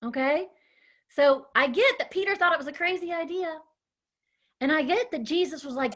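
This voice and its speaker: Animated woman teaching children. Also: high voice, moderate pace. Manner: animated, encouraging, calls on children by name. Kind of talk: children's Bible lesson.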